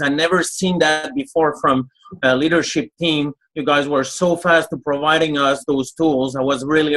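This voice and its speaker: A man's voice: on the high side, a bit bright, low-quality recording. Eager man with a French Canadian accent. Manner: grateful, eager, halting English. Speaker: panel guest. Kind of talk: webinar talk.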